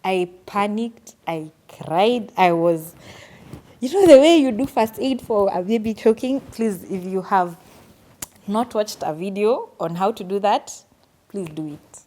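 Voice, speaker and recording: A woman's voice: medium pitch, unhurried. Young woman telling a story. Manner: earnest, animated retelling with quoted asides. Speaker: vlogger. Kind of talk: storytime vlog.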